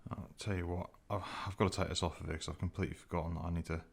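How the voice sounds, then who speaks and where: A man's voice: deep voice, little pitch movement, rapid-fire, gravelly, a little hiss or hum. A tired man talking casually to the camera while doing leatherwork, muttering to himself as he works. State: tired after a long week. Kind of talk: casual workshop vlog narration.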